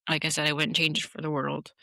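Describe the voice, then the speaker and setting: A woman's voice: deep voice, level tone, fast talker, gravelly, pushed and bright, no echo, clean studio sound. A woman co-hosting a podcast, speaking reflectively in a casual chat. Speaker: podcast co-host. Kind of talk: casual conversation.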